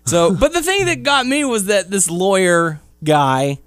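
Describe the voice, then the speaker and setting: A man from Southeast Texas hosting a casual wrestling podcast, recapping with quick asides. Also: sits high, lively intonation, a bit bright, clear, resonant tone, dry recording, studio quality. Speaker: podcast host.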